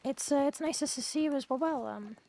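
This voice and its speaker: High-voiced stammering woman. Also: mellow, slight background noise. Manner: halting, stammering, drawling. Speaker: streamer playing a street rat. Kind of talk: in-character roleplay chat.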